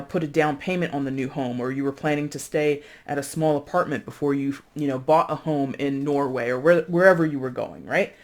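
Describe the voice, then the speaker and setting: A chatty tarot reader talking straight to viewers in a loose, conversational flow. The voice sits at a middling pitch, laughs often and tosses in playful asides and tag questions like "right?". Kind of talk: casual tarot reading monologue.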